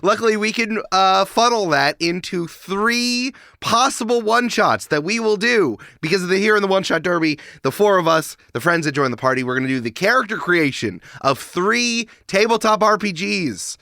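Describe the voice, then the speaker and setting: An upbeat man in his thirties chats as a podcast co-host. His voice is bright and sits a little high, with lots of rise and fall. The sound is close and dry. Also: moderate pace, few pauses, no echo. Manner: excitable and upbeat. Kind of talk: casual chat.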